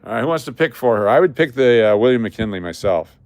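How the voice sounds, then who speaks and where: A man's voice: mid-range voice, animated, fast talker, a little mellow. A man hosting a casual live stream, chatty and repetitive, calling out viewers by name as he hands out prizes. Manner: chatty, repeats names, calls out viewers. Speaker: livestream host running coin giveaways.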